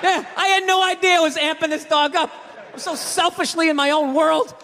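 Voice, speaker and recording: High-voiced guy doing stand-up, ranting and yelling, live hall echo, loud crowd. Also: steady tone, fairly quick. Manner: loud, exasperated rants with shouted punchlines. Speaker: stand-up comedian. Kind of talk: stand-up comedy routine. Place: comedy theater stage. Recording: live hall reverb, crowd laughter and noise.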